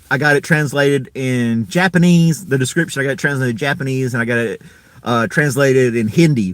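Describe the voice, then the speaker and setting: A man's voice: a little high, no echo. A man hosting a casual live stream, rambling in an easygoing way and chuckling often.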